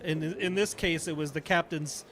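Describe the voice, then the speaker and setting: A middle-aged man with a fairly high voice tells a long story in a relaxed chat. He acts out the other people's lines as he goes, with a busy crowd murmuring behind him. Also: normal speed. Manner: animated storyteller acting out dialogue. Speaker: podcast co-host, retired Navy chief.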